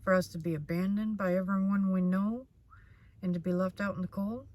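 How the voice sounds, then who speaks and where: A woman's voice: mid-range voice, fairly even intonation, fairly quick, a little mellow. A woman doing a casual tarot reading in a blunt manner. She swears freely and repeats herself. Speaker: tarot reader.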